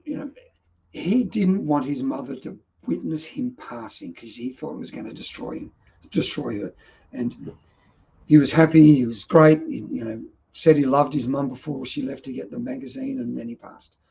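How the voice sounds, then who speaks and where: A middle-aged Australian man with a gravelly, mellow voice shares personal stories as a vlog host. He speaks in an earnest, emotional and reflective way. The sound is dull and lo-fi. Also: medium pitch. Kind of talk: personal storytelling monologue.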